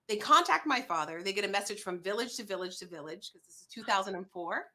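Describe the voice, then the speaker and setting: Bright animated woman telling a story. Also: mid-range voice, quick pace, hardly any pauses. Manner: animated, acts out quoted voices. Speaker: guest. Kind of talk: personal storytelling on a talk show.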